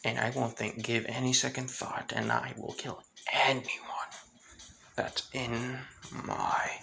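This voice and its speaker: A man voicing a volatile young woman with a blade for an arm, jumping from high mocking taunts to hushed threats. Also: flat delivery, slow, creaky, noisy background. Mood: menacing.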